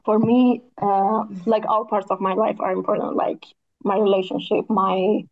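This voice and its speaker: A woman's voice: medium pitch, level tone, normal speed, vocal fry. A woman architect speaking as a guest in a casual interview, her voice a bit tired, thoughtful, with many fillers. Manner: thoughtful, with frequent "like" and "kinda" fillers. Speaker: architect and podcast co-host, guest. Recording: slightly dull lo-fi audio.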